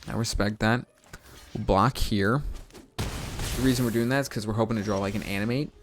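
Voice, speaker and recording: A man streaming a card game, giving live gameplay commentary while talking to his chat in a self-mocking, animated way. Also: lowish voice, normal speed, background noise.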